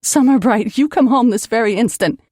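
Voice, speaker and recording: A woman narrator voicing a frightened middle-aged mother who talks in a low, tense hiss. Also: normal speed, dark tone, husky, no room sound, studio quality, close to an everyday voice. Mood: angry.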